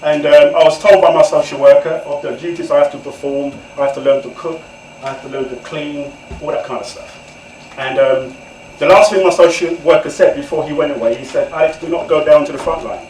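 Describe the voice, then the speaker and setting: A higher-voiced man in his forties shares his life story with a live audience in a candid, conversational way. He keeps turning to the listeners to draw them in. His voice reaches the mic from a distance, echoing off the walls of the room over faint background ambience. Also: fairly even intonation, a little fast, a little mellow, a little hiss or hum. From England. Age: 40s. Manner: candid, conversational, often addresses the audience directly. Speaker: guest author speaker. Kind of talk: personal storytelling talk to an audience. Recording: echoey room, far from the mic.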